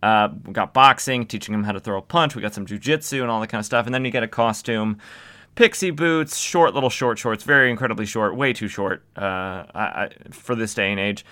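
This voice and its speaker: A man's voice: lowish voice, a little fast, sharp tone. A young man casually recapping old comics as a podcast host, with wry, sarcastic asides.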